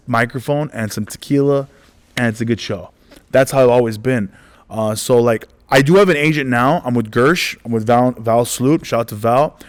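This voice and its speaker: A man in his forties, a comedian telling stories in a casual interview, rambling and animated, acting out the dialogue. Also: medium pitch. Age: 40s. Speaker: comedian guest.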